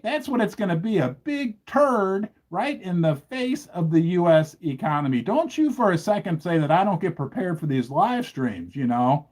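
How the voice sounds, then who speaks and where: Animated, indignant male livestream host. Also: high voice, unhurried. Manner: animated, indignant, keeps asking the audience questions. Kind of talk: livestream commentary.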